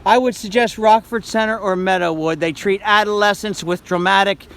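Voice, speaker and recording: An older man with a high-pitched voice films the scene on his phone outside a house. He is upset and insistent, pressing his questions in a raised voice. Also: steady tone, normal speed, fairly bright tone. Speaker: grandfather filming police. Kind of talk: heated confrontation. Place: outdoors at a house beside a street. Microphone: handheld phone.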